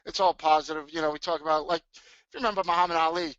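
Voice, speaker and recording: A middle-aged man hosting a live trading webinar from his home, talking in an excitable, hyped way full of restarts. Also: on the high side, fast talker, dry recording. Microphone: webcam mic. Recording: dull lo-fi webcam audio.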